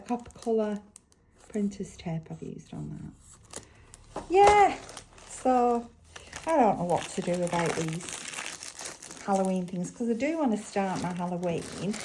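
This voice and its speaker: A Lancashire-accented woman from England chats as she works at her craft table for her vlog, thinking out loud and asking viewers questions. She has a mid-range voice, and background noise can be heard.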